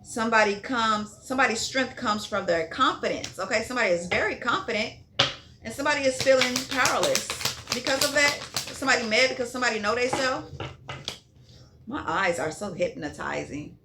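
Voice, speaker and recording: A woman's voice: fairly high pitch, animated, a little fast, background noise. A woman giving a casual tarot reading in a blunt, profane way, repeating herself and checking in with "okay?". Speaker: tarot reader.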